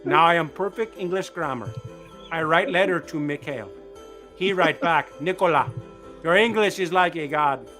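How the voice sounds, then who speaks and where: A boastful middle-aged Russian immigrant, as a man puts him on, talks in grand, broken English with a thick mock Russian accent. The voice sits fairly high, and a little music plays faintly behind him. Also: normal speed, bright, forceful tone.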